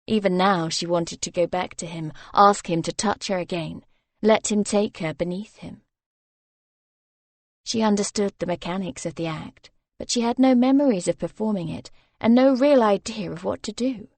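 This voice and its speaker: A woman reading a romance novel aloud as narrator, soft and even in her storytelling. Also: medium pitch, normal speed, dry recording. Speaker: audiobook narrator.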